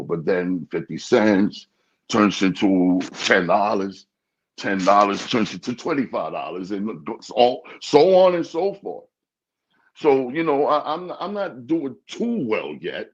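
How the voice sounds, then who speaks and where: A man chatting casually in an interview, animated, often stammering and repeating words. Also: medium pitch, unhurried, slightly rough. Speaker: podcast host being interviewed. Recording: dull lo-fi sound.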